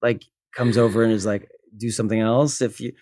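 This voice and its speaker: A man's voice: on the low side, fairly even intonation, brisk, darkish tone, no echo, clean studio sound. A man, an actor guest on a casual chat, telling stories and acting out the lines he quotes. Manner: rambling storyteller, acts out quotes.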